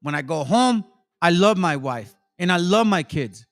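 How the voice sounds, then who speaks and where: A man's voice: high voice, animated, moderate pace. A man, a channel host, delivering an angry, profane rant full of sarcasm and repetition. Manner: heated, cursing, sarcastic, repeats himself. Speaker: channel host, insurance seller.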